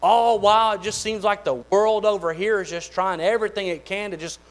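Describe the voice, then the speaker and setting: A man, preaching a sermon in a folksy, animated way with lots of repeated phrases. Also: high-pitched, a little fast, low-quality recording. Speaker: pastor.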